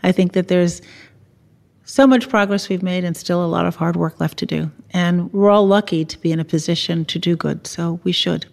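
A woman's voice: lowish voice, fairly even intonation, normal speed, vocal fry, a little mellow. A woman guest wrapping up an interview in casual chat.

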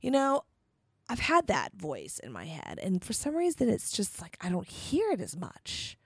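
A woman's voice: medium pitch, wildly swooping pitch, measured pace, creaky, breathy edge, no echo, studio quality. A woman hosting a solo motivational podcast, talking candidly and rambling, with bursts of emphatic energy. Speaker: podcast host.

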